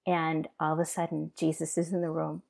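A woman speaks as a guest in an interview, sharing a deeply personal testimony with earnest feeling. Her voice sits low and carries a gravelly fry, and she often stops and restarts her sentences. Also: flat delivery, a little fast, a little mellow.

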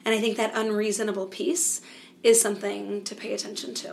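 A woman missionary being interviewed, telling stories in an animated way with lots of "like" and acted-out dialogue. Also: mid-range voice, a little fast, creaky. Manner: animated storyteller, many "like"s, acts out dialogue. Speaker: missionary guest. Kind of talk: conversational interview.

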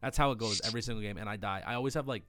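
A man's voice: on the low side, rapid-fire, no echo, studio quality. Self-mocking man chatting on a podcast. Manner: self-mocking, swears freely, repeats words when excited. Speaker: podcast co-host. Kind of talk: casual chat.

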